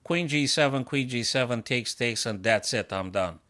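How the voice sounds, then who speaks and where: A man's voice: medium pitch, moderate pace, bright, forceful tone. A chess coach streaming live, a man thinking aloud over his moves, self-mocking and bursting into exclamations.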